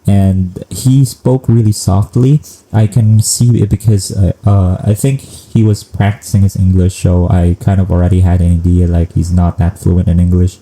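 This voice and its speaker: A man's voice: low voice, little pitch movement, normal speed, mellow, poor audio. A young man, casually telling a story to camera in a chatty, rambling way. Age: young adult. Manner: chatty, self-aware rambling, acting out quoted dialogue. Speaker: vlogger.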